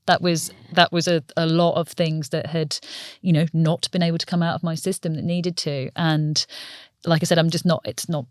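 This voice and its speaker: A woman's voice: sits low, little pitch movement, normal speed, a little mellow, no echo, clean studio sound. A middle-aged woman, a performance coach, speaking openly and earnestly as a guest on a podcast interview. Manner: earnest, open, explanatory.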